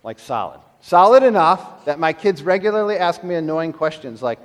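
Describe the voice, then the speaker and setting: A middle-aged man preaching a sermon, telling stories with animated emphasis that drops to quiet, slowed lines. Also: on the high side, long reverb tail. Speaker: pastor.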